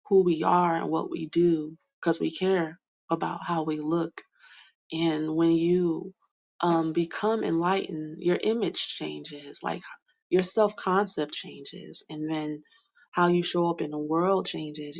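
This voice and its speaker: A young woman giving a soft, hesitant spiritual card reading, full of fillers and whispered asides. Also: fairly low pitch, gravelly. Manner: whispers names to herself while reading cards. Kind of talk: slow meandering card reading monologue.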